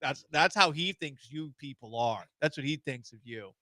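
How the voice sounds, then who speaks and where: A man's voice: fairly high pitch, expressive, moderate pace, sharp tone, no echo, studio quality. A man hosting a sports radio show, chatting casually, often laughing and letting his voice drop to a mumble. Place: radio studio. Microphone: studio mic.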